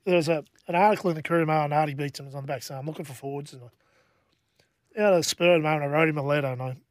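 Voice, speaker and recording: A middle-aged Australian man, a former rugby league player, telling stories casually as a podcast guest, with a halting, laid-back delivery full of restarts. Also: fairly high pitch, dry recording, clean studio sound. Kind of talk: casual storytelling.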